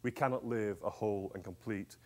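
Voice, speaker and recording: A man, an author and executive coach, telling stories in a lively, conversational talk to a live audience and checking in with them along the way. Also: lowish voice, fairly quick.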